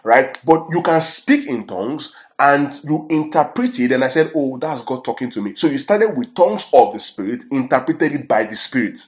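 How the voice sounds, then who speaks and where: A man's voice: medium pitch, big pitch swings, normal speed, few pauses. A man teaching a sermon, emphatic and often checking that his listeners follow. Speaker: preacher. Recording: echoey room.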